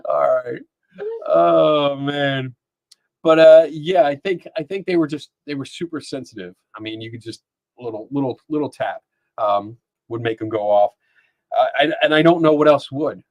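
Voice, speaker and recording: A man's voice: medium pitch, normal speed, no echo, highs cut off. Chatty man hosting a live stream. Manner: rambling, chatty, laughs often, reads chat aloud. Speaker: podcast host. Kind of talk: casual live-stream chat. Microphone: dynamic microphone.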